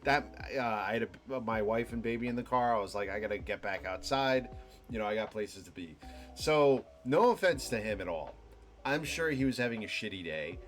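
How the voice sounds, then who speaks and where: A young man hosting a live stream, talking in a halting, reflective way with many restarts and fillers. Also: mid-range voice. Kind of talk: rambling reflective monologue to chat.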